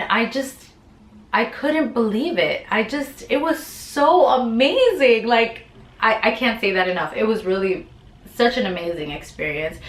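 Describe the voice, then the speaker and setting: Animated young woman in an echoey room. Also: mid-range voice. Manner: animated, dramatic retelling with acted-out quotes. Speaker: vlogger. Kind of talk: storytime vlog.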